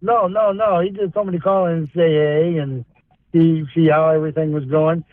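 A man with a Southern US accent, from Florida, calling in to a radio show and talking haltingly with many fillers. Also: on the high side, fairly even intonation, no room sound. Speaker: caller. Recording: tinny dry phone line.

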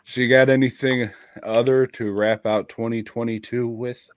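A man's voice: mid-range voice, little pitch movement, normal speed, dry recording. A man co-hosting a casual podcast who talks bluntly, swears constantly and laughs often. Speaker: podcast co-host.

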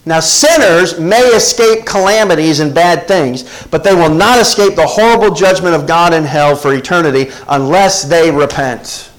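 A man delivers a sermon in a slightly high voice. He preaches with call-and-response asides to his congregation. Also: moderate pace, hardly any pauses, poor audio. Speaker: pastor.

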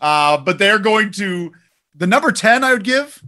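A man's voice: high voice, lively intonation, measured pace, pushed and bright. A man co-hosting a casual wrestling chat, laid-back, chiming in and reading out listener comments. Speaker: wrestling podcast co-host.

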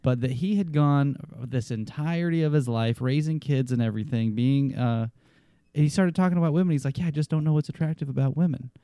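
Casual storytelling man, dark voice. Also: medium pitch, fairly quick, clean tone, no room sound, clean studio sound. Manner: storytelling, swears, acts out quotes. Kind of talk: casual podcast chat.

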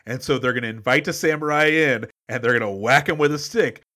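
A man's voice: medium pitch, quick pace, bright, forceful tone. A man co-hosting a podcast in casual chat, enthusiastically recapping film scenes. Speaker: podcast co-host.

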